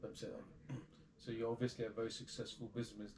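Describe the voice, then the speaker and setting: A man's voice: medium pitch, little pitch movement, quick pace, darkish tone, slight background noise. A man interviewing someone, nervous and stumbling over his words.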